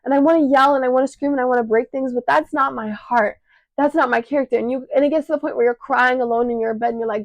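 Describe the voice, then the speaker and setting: A woman's voice: high voice, fairly even intonation, fast, no echo, muffled recording. Choked-up teenage girl venting raw. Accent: Chicago. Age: teens. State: short of breath, choked up. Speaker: podcast host. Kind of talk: emotional personal monologue. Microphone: clip-on mic attached to shirt.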